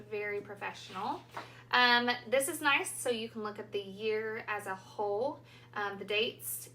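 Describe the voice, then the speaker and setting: A woman teacher chatting casually and gushing excitedly while unboxing on her vlog. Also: mid-range voice. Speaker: teacher and vlogger. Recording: echoey room with faint ambient noise.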